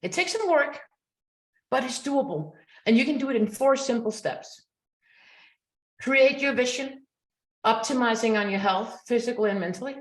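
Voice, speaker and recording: A woman's voice: fairly high pitch, normal speed, long pauses. A woman in her forties, a coach giving a motivational talk, telling her story earnestly and acting out what people said. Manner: earnest, storytelling, animated quotes. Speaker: coach and speaker. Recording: roomy echo.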